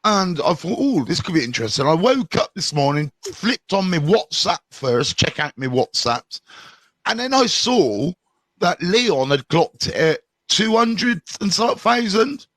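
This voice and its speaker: Lively, high-voiced man hosting a live stream. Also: measured pace, no echo. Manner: chatty, playful, teasing. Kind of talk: casual live-stream chat. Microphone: phone.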